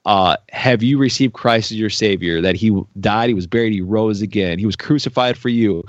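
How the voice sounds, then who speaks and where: A man's voice: fairly low pitch, moderate pace, no room sound. A man preaching a sermon, telling stories in a conversational way with frequent filler words. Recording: dry, dull-sounding recording.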